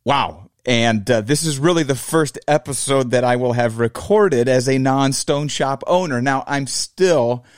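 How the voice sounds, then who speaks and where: A man's voice: medium pitch, measured pace, hardly any pauses, no room sound, studio quality. A man in his forties hosting his own podcast, talking reflectively in a casual solo monologue and addressing listeners as fellow fabricators. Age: 40s. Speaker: podcast host.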